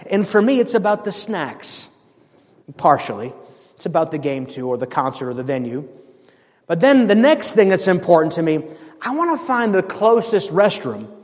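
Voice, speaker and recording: Pastor from the area, male, high-pitched, fervent and chatty, heard with long reverb. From Boston area, USA. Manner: fervent, conversational preaching with repeated emphatic commands. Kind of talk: sermon.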